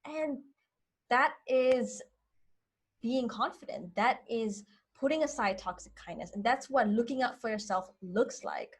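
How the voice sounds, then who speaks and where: A woman's voice: a little high, measured pace, husky. A young woman speaking straight to camera as a self-help coach, earnest and explanatory, acting out example phrases as she goes. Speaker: social anxiety coach. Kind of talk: direct-to-camera advice talk.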